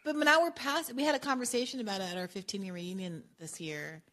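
A woman's voice: medium pitch, steady tone, fast talker, a bit bright. A woman hosting a podcast in casual chat, thinking aloud in a reflective way and laughing easily. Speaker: podcast host.

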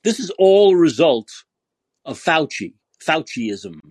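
A man hosting a podcast, delivering an angry, profane political rant full of repeated rhetorical questions and yelling. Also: fairly high pitch, very animated, slow, breathy edge, dry recording. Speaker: podcast host.

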